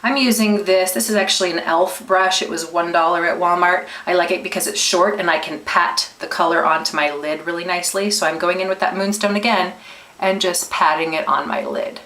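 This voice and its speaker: A woman's voice: lowish voice, fairly even intonation, a little fast, a bit bright. A woman giving a casual makeup tutorial, chatty and explaining each step with small restarts. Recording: roomy echo.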